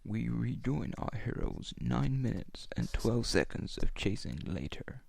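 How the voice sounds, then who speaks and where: A portentous male trailer announcer booms out slow, solemn links between scenes, as a man puts him on. The voice is heavily gravelly and deep-toned, swooping with lively pitch. It sounds dry, with no room around it, set a little back from the mic. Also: no room sound, exaggerated voice. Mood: mock-solemn. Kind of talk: mock-dramatic narration.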